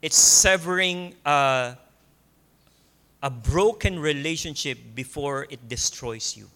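A pastor with a Filipino accent preaches in a church at an unhurried pace, repeating his points for emphasis. His voice is bright and sits on the higher side. He drops in soft laughs between lines. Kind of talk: sermon.

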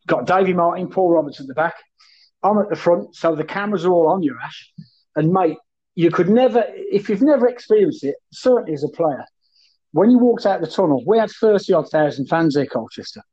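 A husky, fairly high-voiced man spins a boisterous, foul-mouthed yarn in casual chat. The sound is dull and muffled. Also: animated, fairly quick, darkish tone. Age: 30s then, now older. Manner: boisterous, sweary anecdotes, keeps addressing the host by name. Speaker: guest, former footballer.

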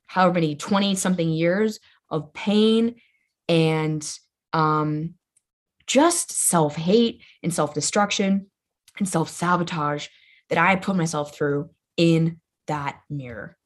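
A young woman speaks as a guest on a podcast, her voice sitting a little on the low side. She talks loosely and casually, with a constant "like" and plenty of swearing. Her manner is loud, playful and bluntly honest. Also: slow. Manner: chatty, says "like" constantly, swears freely. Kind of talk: casual conversation.

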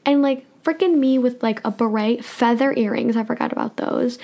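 Young woman, casual podcast chat, higher voice, laughs a lot. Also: fairly even intonation, normal speed, creaky, dark tone. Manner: chatty, laughs often, says "like" a lot. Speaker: podcast co-host.

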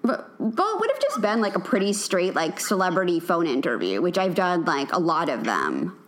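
A woman's voice: lowish voice, big pitch swings, normal speed, a little hiss or hum. A woman guest on a podcast, chatting casually and using many fillers. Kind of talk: casual chat.

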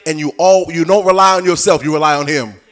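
Male preacher, animated sermon, sing-song cadence, acts out dialogue, fairly high voice. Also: fast talker, soft background music.

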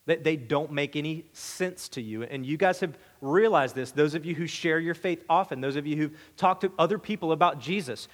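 A man with a high voice preaches a sermon in a conversational, emphatic way, often stumbling over repeated words. His voice rings with a long reverb, as in a church sanctuary. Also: fairly bright tone. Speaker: pastor.

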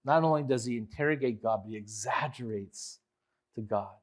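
A male pastor preaching a sermon, swinging from quiet reflection to loud, impassioned pleading. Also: normal speed. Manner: impassioned preaching, rising loud when voicing the psalmist; drops low and quiet on reflective points.

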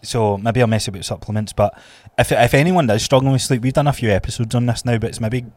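A Scottish man in his thirties co-hosting a fitness podcast, blunt and animated, swearing freely. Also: mid-range voice, quick pace, dry recording. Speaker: podcast co-host and trainer. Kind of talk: casual podcast chat.

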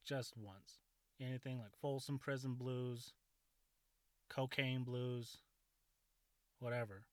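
A man's voice: mid-range voice, steady tone, slow pace, no room sound. A man in his thirties telling a rambling school story in a casual, profane way, often laughing at his own jokes.

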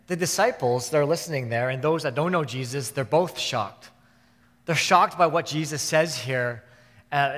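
Earnest pastor preaching in a reverberant hall. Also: male voice, on the high side, fairly bright tone. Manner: earnest, repeats and restarts words. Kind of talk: sermon.

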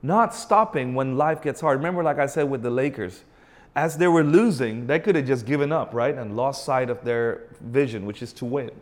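A man preaching a sermon, emphatic and asking his listeners rhetorical questions, and drawing out key phrases slowly. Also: medium pitch. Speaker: pastor.

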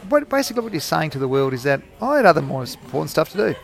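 A man's voice: a little high, sing-song, rapid-fire, vocal fry. A man in his forties, hosting a rambling, jokey, self-mocking solo podcast recorded in a cafe. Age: 40s. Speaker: podcast host.

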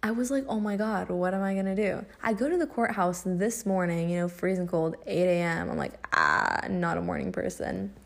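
Young woman rambling thru her week on her podcast, kinda fry-ish voice, cusses a lot. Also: on the low side, very animated, moderate pace, few pauses. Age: young adult. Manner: chatty, swears a lot, laughs often. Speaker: podcast host. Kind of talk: casual storytelling podcast.

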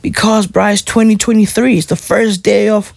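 A woman's voice: medium pitch, steady tone, normal speed, vocal fry, darkish tone. A woman ranting casually as a football fan, slangy and repetitive, pleading over and over. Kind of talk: casual rant to camera.

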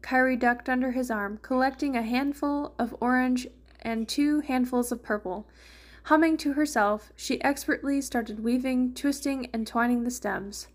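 A woman's voice: high voice, normal speed. A woman reading a fan fiction story aloud, narrating and lightly voicing the characters. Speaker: fanfiction reader.

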